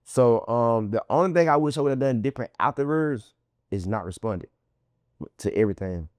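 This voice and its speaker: A man being interviewed as a guest, telling his story in animated, profane slang and acting out what others said in a raised voice. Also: medium pitch, moderate pace, no room sound. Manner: acts out quoted people in a raised voice.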